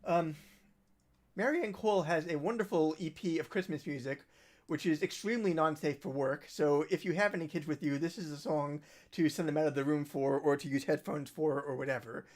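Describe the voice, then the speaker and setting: Talking a little fast in a slightly high voice, a male musician on a livestream wanders casually through his recommendations, letting soft asides trail off.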